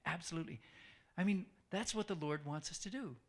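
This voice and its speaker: A man's voice: high voice, brisk, darkish tone. A man preaching a sermon in a conversational way, asking the listeners questions and repeating phrases for emphasis.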